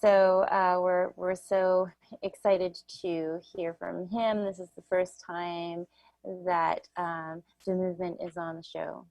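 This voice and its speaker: Casting: low, flat, slow woman host on dull dry lo-fi call audio. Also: dry recording. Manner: halting, with fillers. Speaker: show host.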